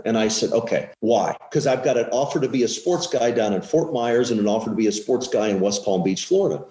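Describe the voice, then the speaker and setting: A man's voice: on the low side, a little fast, few pauses, mellow. A man in his fifties, a TV weatherman, telling his career story in a casual interview, self-mocking and acting out the people he quotes. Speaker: guest, TV weatherman. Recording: echoey room.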